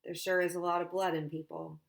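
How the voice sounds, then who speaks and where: A woman's voice: fairly low pitch, little pitch movement, brisk, close to an everyday voice. A woman reading as a scared teenage boy. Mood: distraught.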